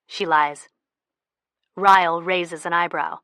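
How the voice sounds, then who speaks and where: A woman narrating a first-person audiobook in a soft, intimate manner, close to the mic. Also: on the low side, normal speed, no echo.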